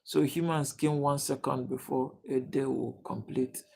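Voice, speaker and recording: A man's voice: mid-range voice, steady tone, a little slow, creaky, a little mellow, slightly rough. A Nigerian man hosting a casual live chat stream, greeting viewers by name and chatting loosely as he reads the chat. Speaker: livestream host.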